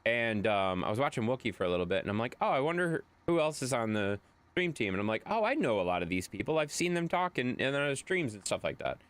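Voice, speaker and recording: A male streamer in loose, rambling live chat, answering viewers as he goes. His voice sits at a middle pitch but swings up and down a lot. He talks in easy, meandering bursts. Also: very animated, fast, a bit bright, clean tone.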